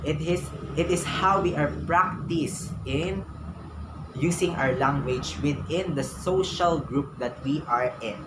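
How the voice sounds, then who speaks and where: Young man, Filipino English accent, slow careful lecture, echoey room, background noise. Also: fairly high pitch. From Philippines. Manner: slow, explanatory, repeats words for emphasis. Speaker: student teacher. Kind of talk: classroom lecture.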